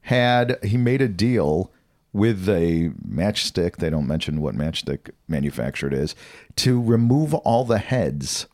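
A man's voice: low voice, lively intonation, a little slow, a little mellow. A man co-hosting a podcast, chatting casually and reading out odd news stories, laughing and stumbling over words. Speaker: podcast co-host.

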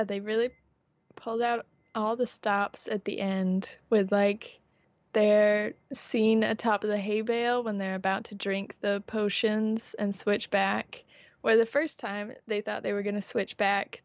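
A woman's voice: medium pitch, no room sound, lo-fi sound. A woman co-hosting a podcast in casual chat, playful and laughing often. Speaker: podcast co-host.

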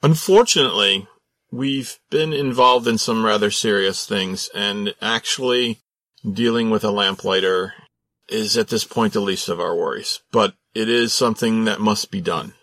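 A man's voice: lowish voice, moderate pace, a bit bright, dry recording, lightly acted. A man voicing a proper, polite old grandmother who speaks formally. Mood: gracious.

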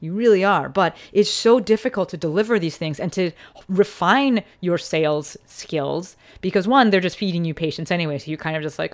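Lady podcast host, kinda low voice, earnest and emphatic, swears a bit. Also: brisk. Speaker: physical therapist. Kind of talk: casual podcast conversation.

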